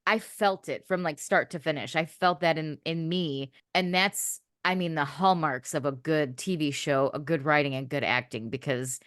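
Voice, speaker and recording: A woman's voice: deep voice, normal speed, hardly any pauses, a bit bright, no room sound, studio quality. A woman co-hosting a podcast, chatting candidly and emotionally, swearing freely. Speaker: podcast co-host. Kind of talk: casual chat.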